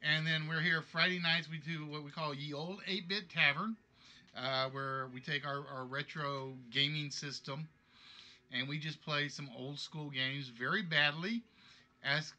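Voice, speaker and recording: A man's voice: a little high, steady tone, measured pace, pushed and bright. A man hosting a live-streamed game show from home, thinking aloud and rambling as he chats. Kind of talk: casual live-stream chat.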